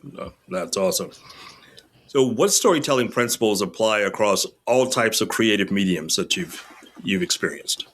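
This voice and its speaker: A man hosting a podcast, asking his guest questions in a relaxed, conversational way. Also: on the low side, moderate pace, a little hiss or hum. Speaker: podcast host. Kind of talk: casual podcast interview.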